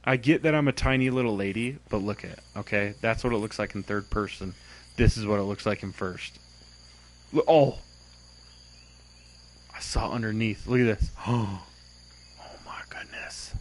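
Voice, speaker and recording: A man's voice: fairly low pitch, moderate pace, pauses often, slight background noise, low-quality recording. A young man giving casual, exasperated commentary on a game he is playing, swearing and mocking its glitches. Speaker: gameplay commentator.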